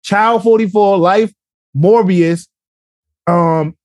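A man co-hosting a podcast in casual, profane chat, animated and repetitive. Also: high voice, takes it slowly, no echo. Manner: animated, profane, repeats "you get what I'm saying". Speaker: podcast co-host.

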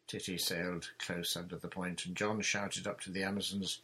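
A man reading a children's adventure novel aloud in a steady, measured storybook narration. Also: low-pitched, slightly rough. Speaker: audiobook reader.

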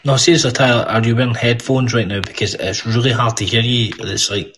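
A man's voice: mid-range voice, fairly even intonation, a little fast, fairly bright tone, a little hiss or hum. A Scottish man hosting a podcast call, teasing callers with constant swearing and mock-aggressive banter. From Scotland. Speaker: podcast host. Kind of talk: casual call-in chat.

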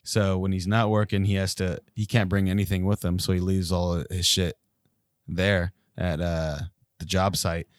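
Profane, animated man telling stories. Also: low-pitched, moderate pace, no room sound, clean studio sound. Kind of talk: casual chat.

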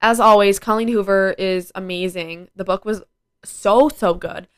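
On her own podcast, a teen girl chats in a loose, rambling way, sprinkling in lots of "like." She speaks unhurriedly in a medium pitch with fairly even intonation and a clear, resonant tone, recorded in studio quality without room sound.

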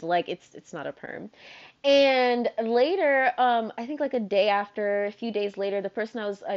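A young woman in her twenties hosting a podcast, telling stories in a chatty, animated way, full of "like" and asides. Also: medium pitch. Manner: chatty, animated, filler-heavy with frequent "like". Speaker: podcast host. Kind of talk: casual storytelling monologue. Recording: dull lo-fi sound.

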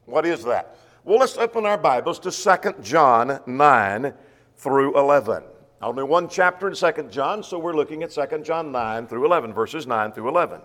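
A man's voice: medium pitch, animated, normal speed, fairly bright tone, in a large hall. A man preaching a Bible sermon, teaching verse by verse and repeating key phrases for emphasis. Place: church.

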